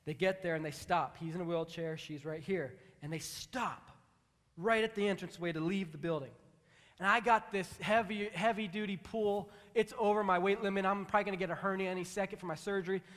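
A man preaching a sermon in a large church hall, telling stories in an animated, conversational way and acting out quotes. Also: fairly high pitch. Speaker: pastor. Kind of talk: storytelling sermon.

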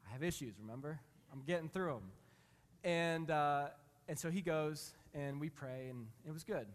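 A man in his thirties or forties preaching a sermon. He reads scripture slowly, then tells a candid, self-mocking story about his family. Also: a little high. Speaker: pastor. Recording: long reverb in a big hall.

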